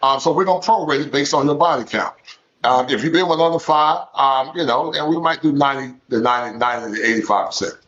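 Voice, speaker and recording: A man's voice: medium pitch, fast, a bit bright. A man talking as a guest on a casual live stream, emphatic and often repeating his words. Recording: dull lo-fi stream audio.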